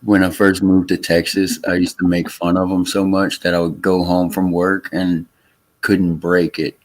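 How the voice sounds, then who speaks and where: A man from Louisiana hosting a casual livestream chat, talking in a halting way with many fillers and restarts. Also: sits low, level tone. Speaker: livestream host. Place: Texas home.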